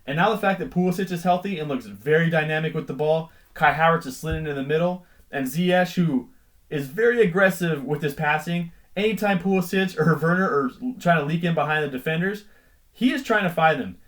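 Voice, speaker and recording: Young guy on a fantasy football channel, kinda high voice, chatty and cracking jokes at himself. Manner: jokey, self-deprecating asides. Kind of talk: casual team-selection commentary.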